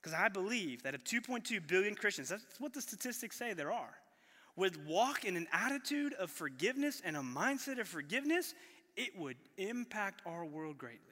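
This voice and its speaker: A man's voice: high voice, very animated, normal speed, sharp tone, long reverb tail. A man pastor preaching a sermon in a conversational way, putting rhetorical questions to the congregation. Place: church sanctuary.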